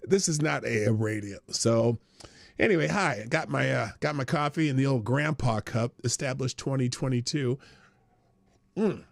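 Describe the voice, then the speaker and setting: Chatty Midwestern man with a gravelly voice. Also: mid-range voice, moderate pace, no echo. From United States. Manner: rambling, joking, chatty with restarts. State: slight cough. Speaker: host. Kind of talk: casual livestream chat.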